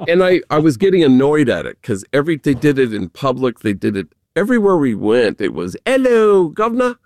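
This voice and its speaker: A man who is a Jesuit priest, talking earnestly with gentle humor as an interview guest and telling stories. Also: mid-range voice, sing-song, fairly quick. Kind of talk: conversational storytelling interview.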